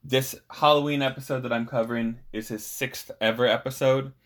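A man co-hosting a podcast with a voice of ordinary middle pitch. He talks in a rambling, hesitant way, trailing off and circling back through his thoughts. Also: steady tone, a little fast, a bit bright. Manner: rambling, hesitant, with many restarts and fillers. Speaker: podcast co-host. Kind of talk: casual chat.

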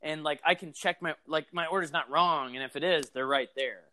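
Young male podcast co-host, fairly high voice, swears freely and acts out his anger mid-story. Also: a little fast. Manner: animated, profane, acts out his rage. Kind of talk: casual storytelling chat.

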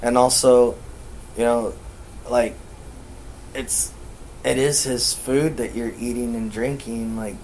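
A man's voice: medium pitch, fairly even intonation, takes it slowly, pauses often, a little hiss or hum, rough recording. Profane rambling man telling a ghost story. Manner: profane, rambling, acts out quotes loudly. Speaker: podcast co-host. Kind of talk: casual storytelling chat.

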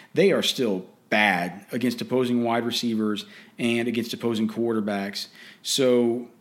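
A man giving casual fantasy football and betting commentary in a blunt, opinionated way, often restarting and repeating words. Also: medium pitch.

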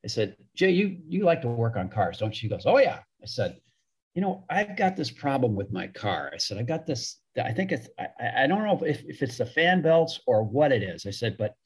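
A man's voice: medium pitch, sing-song, normal speed, slightly rough. A man telling a casual anecdote, chatty, repeating words as he goes and acting out the quotes. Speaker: guest storyteller.

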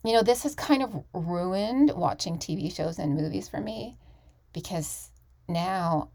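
Candid woman podcaster with a gravelly edge. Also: fairly low pitch, a little slow, a little mellow. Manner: candid and emphatic, with frequent restarts. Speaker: podcast host. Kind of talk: casual solo podcast monologue.

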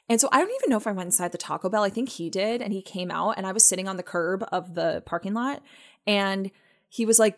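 A young woman co-hosting a chat podcast, telling a personal story in an animated way and acting out what people said. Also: medium pitch, fast talker. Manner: animated, acts out quoted voices. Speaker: podcast co-host.

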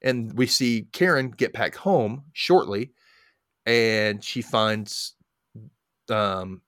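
A man hosting a podcast, recapping a movie plot in casual chat as an animated storyteller with sarcastic asides. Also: on the low side, extremely slow, dry recording, clean studio sound. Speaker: podcast host.

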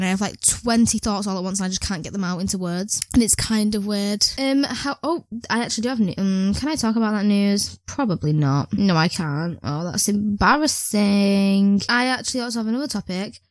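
A woman's voice: medium pitch, fairly quick, hardly any pauses, no echo. A young British woman with an English accent hosting a solo podcast, rambling from topic to topic and swearing freely. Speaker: podcast host.

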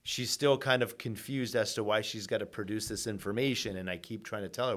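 A man, a mortgage agent guest on a podcast, talking in an easygoing, measured way with dry humor. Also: on the low side, fairly bright tone. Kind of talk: casual chat.

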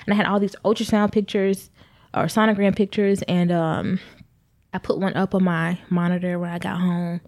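A young woman who is pregnant recounts her own story to her viewers with a somewhat low voice. She rambles candidly and speaks to them directly. The sound is dry, with no room echo. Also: level tone, normal speed, darkish tone. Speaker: vlogger. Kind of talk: personal storytelling to camera.

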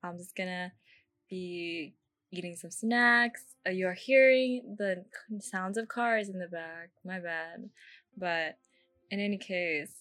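Bright-voiced woman chatting and laughing. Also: fairly low pitch, takes it slowly. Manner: laughs at herself, rambling, filler-heavy. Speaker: podcast host. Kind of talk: casual chat.

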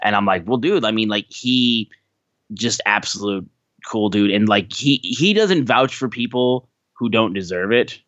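A young man co-hosting a podcast, telling stories in a casual, animated way and acting out what others said. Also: on the low side, unhurried, no echo, muffled recording. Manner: animated, acts out quoted voices, swears casually. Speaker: podcast co-host.

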